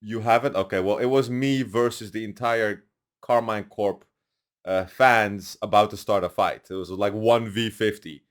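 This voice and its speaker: A man's voice: fairly low pitch, moderate pace. A young man on a podcast, telling stories casually and acting out what others said. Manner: animated storyteller, acts out quotes loudly. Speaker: podcast guest.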